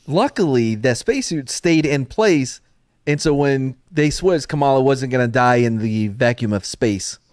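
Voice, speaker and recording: Wry man with lively intonation. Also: mid-range voice, a little slow, no room sound, studio quality. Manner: wry, explanatory. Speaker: podcast panelist. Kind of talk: casual podcast chat.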